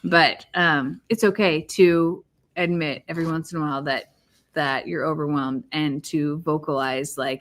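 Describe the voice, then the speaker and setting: A woman co-hosting a casual chat, speaking candidly and gratefully in a soft voice. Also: low-pitched, fairly even intonation, a little slow. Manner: candid, soft-spoken, thankful. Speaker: co-host.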